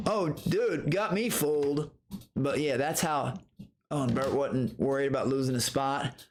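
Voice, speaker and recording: A man streaming live, telling a story in a profane, animated rant, breaking into high outbursts and greeting viewers from chat. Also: measured pace. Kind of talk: casual livestream rant.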